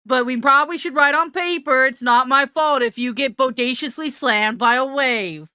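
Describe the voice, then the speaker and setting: A woman's voice: high-pitched, normal speed, pushed and bright, clear, resonant tone, no room sound. A woman voicing a laid-back male surfer dude instructor with a drawling, rambling, goofy way of talking. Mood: joking.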